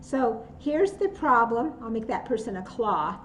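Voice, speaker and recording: A woman instructor leading an online self-defense workshop, encouraging and giving clear commands. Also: on the high side, lively intonation, a little slow, a bit bright, reverberant, slight background noise, low-quality recording. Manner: encouraging, gives clear commands, laughs easily. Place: indoor room. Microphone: video call.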